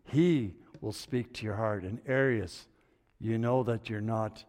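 A man, older, preaching a sermon with a personal story, dropping to low murmurs and rising to loud excited bursts. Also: measured pace. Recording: long reverb of a hall.

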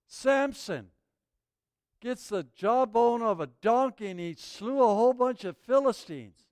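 Brief: male pastor, high smooth voice, lively storytelling sermon. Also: measured pace, no room sound, clean studio sound. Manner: animated storytelling preacher.

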